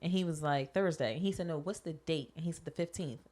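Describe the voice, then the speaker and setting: Lower-voiced woman telling a story. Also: quick pace. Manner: storytelling with animated quoted voices. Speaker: podcast co-host. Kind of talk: casual chat.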